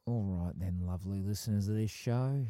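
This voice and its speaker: A man's voice: fairly low pitch, a little fast, mellow, no echo, natural voice. A man voicing a cheery male Easter Bunny with a put-on Australian accent, rambling a folksy farewell to listeners. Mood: chummy. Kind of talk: comic impression on a podcast.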